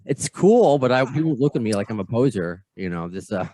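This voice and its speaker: A man's voice: medium pitch, big pitch swings, a little fast, mellow. An American man hosting a podcast interview over a video call, chatty and self-deprecating, often repeating his words. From United States. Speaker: podcast host.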